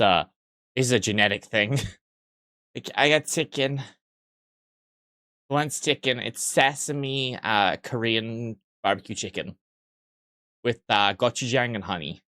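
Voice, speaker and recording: Young dude streamer rambling at chat, crude jokes, bright voice, dry mic. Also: male voice, lowish voice, no room sound. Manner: rambling, crude joking banter reading chat. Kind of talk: casual live-stream chat with viewers.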